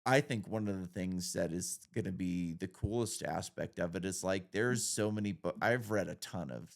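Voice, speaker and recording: A man with a lowish, gravelly voice hosts a podcast interview in an easygoing way. He wanders through his thoughts with frequent "you know"s and restarts. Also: moderate pace. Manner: rambling, many fillers and restarts. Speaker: podcast host. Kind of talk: casual interview chat.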